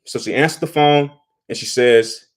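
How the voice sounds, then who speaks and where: A man's voice: mid-range voice, normal speed. A man giving casual spoken commentary, talking loosely and often repeating words as he thinks. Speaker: vlogger.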